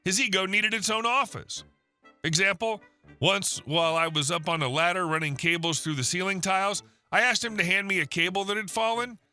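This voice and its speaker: A man narrating online stories in a scripted way, with wry deadpan asides. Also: high voice, fairly quick, faint music behind.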